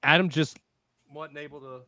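A man's voice: a little high, steady tone, moderate pace, pushed and bright. A man co-hosting a podcast game as a contestant, easygoing and laughing along. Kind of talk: casual joking banter.

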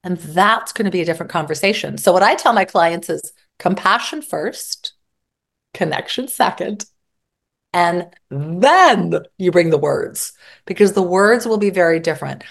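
A woman therapist speaking as an interview guest, expressive and acting out her examples vividly. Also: lowish voice, moderate pace, vocal fry. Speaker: psychotherapist guest. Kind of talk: interview conversation.

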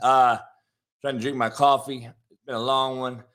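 A man hosting a morning sports talk show, hoarse from yelling, brash and profane as he hypes the show and reads sponsor plugs. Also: medium pitch, little pitch movement, normal speed. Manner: brash, profane, hype-driven.

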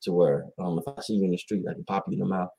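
Male host, low husky voice, rambling casual rant. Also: rapid-fire. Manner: animated, rambling with fillers and quoted voices. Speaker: podcast host. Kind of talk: casual chat about basketball.

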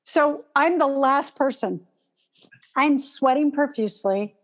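A woman telling a personal story in casual conversation, animated and acting out gasps as she goes. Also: sits high, takes it slowly. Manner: animated, acts out gasps and panicked breathing.

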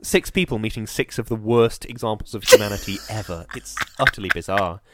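A man chatting casually as a podcast co-host, telling an animated story full of ums and restarts. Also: lowish voice, fairly quick, very noisy. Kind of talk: casual chat. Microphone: on camera, close mic.

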